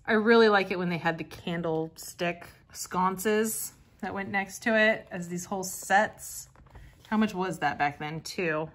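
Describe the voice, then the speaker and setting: Chatty, excitable woman vlogger. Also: on the low side. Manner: chatty and excitable, gasps and laughs at items. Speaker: vintage catalog vlogger. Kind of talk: casual commentary while reading a catalog.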